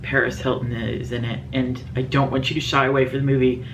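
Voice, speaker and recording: A woman's voice: very deep voice, flat delivery, brisk, noisy background. A woman beauty vlogger answering viewer questions in a casual, rambling chat full of fillers.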